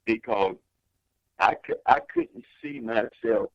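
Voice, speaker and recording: A man's voice: wildly swooping pitch, slow pace, creaky, dry recording, highs cut off. An older man, a guest singer, telling a personal story in an interview with emphatic, swinging delivery. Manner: emphatic testimony with big pitch swings.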